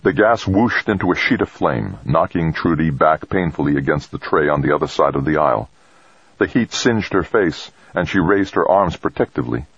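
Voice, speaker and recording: A man narrating a science fiction story in a steady, dramatic reading. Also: a bass voice, normal speed, slightly rough, dry recording. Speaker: audiobook narrator. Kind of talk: scripted narration. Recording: dull, dry close recording.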